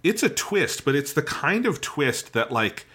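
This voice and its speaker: A man's voice: a little high, big pitch swings, measured pace, sharp tone, slightly rough. A man casually discussing an anime episode as co-host, enthusiastic and reflective. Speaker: podcast co-host.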